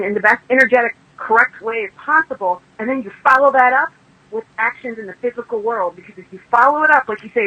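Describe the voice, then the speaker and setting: A woman's voice: fairly high pitch, sharp tone, low-quality recording. A woman author being interviewed, telling stories in a chatty, emphatic way and acting out the people she quotes. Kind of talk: casual interview storytelling.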